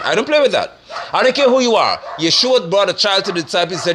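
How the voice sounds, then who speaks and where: A man giving forceful, scornful political commentary in a preaching manner. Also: high-pitched, lively intonation, brisk, background noise. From Guyana. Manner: forceful, scornful, rising to sermon-like declarations.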